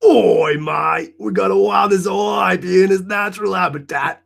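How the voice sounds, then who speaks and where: A man putting on a mock Australian accent, playing an excited wildlife-show presenter. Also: sits high, normal speed, creaky, full character voice. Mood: rowdy excited. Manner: loud, excited, showman-like.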